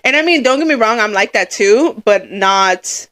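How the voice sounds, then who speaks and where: Animated, laughing woman podcast co-host. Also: a little high, moderate pace. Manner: laughs often, animated storytelling with put-on quotes. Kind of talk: casual chat.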